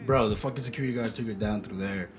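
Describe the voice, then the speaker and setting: A man's voice: on the low side, racing, music in the background. A man in casual podcast chat, blunt and profane. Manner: blunt, profane, laid-back. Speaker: podcast co-host.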